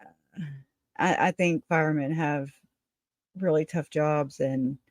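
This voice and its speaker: A woman's voice: deep voice, steady tone, slow pace, dry recording. Lady rambling on a livestream, laughs a lot, dry close sound. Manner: rambling, chatty, laughs often, talks to viewers. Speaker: livestream host. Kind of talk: casual livestream chat.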